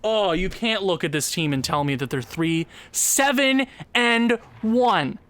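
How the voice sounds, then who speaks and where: A man's voice: animated, measured pace, fairly bright tone. Exasperated young man narrating gameplay. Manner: exasperated, sighing, jumps high in pitch when frustrated. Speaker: gaming YouTuber. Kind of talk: casual gameplay commentary.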